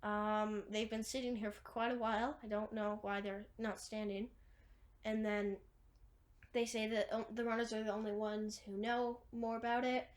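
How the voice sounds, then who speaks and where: A woman's voice: a little high, level tone, moderate pace. A woman casually retelling a movie's plot, rambling with lots of fillers and restarts. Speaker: movie recapper.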